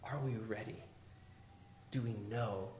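A man preaching a sermon, moving between loud, urgent calls and hushed, low appeals. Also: fairly even intonation, slow pace, a little hiss or hum. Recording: roomy echo.

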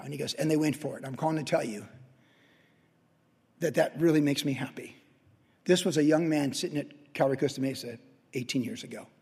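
Male pastor, fairly high husky voice, quiet to loud surges, big reverberant hall. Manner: storytelling, swings from quiet to loud excited peaks. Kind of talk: sermon.

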